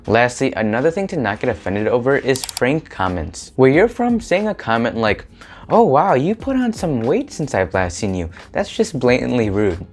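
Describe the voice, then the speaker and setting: A young adult man hosting a scripted advice vlog, speaking in an upbeat, animated way with rising emphasis. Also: medium pitch. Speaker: vlogger host.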